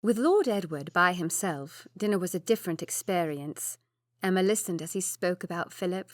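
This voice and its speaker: A woman narrating a historical romance audiobook in a measured, even reading. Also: fairly low pitch, dry recording. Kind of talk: scripted narration.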